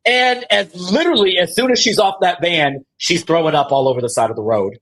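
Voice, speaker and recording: A man's voice: sits high, brisk. A man hosting a casual recap, acting out quotes with laughs. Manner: animated storytelling, acts out quotes with laughs. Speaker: podcast host.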